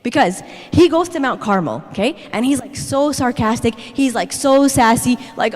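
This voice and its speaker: A woman giving a lively, chatty church talk, constantly checking in with her listeners with "okay?". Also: on the high side, normal speed, hardly any pauses. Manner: animated, chatty, tags "okay?" after every point. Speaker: guest speaker. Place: church sanctuary. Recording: echoey church hall.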